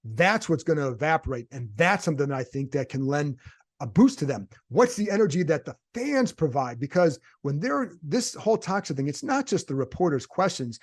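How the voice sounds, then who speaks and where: Big pitch swings mark this man's slightly high voice, and his pace runs a little fast. A sports reporter running his own show, he muses conversationally in solo commentary, raising rhetorical questions and answering them himself.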